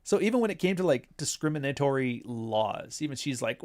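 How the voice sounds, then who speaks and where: A man's voice: mid-range voice, animated, a little fast, hardly any pauses. A man from Canada giving blunt, sarcastic commentary on a livestream, reading out viewer messages. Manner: blunt, sarcastic, laughing at his own jokes. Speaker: commentary streamer.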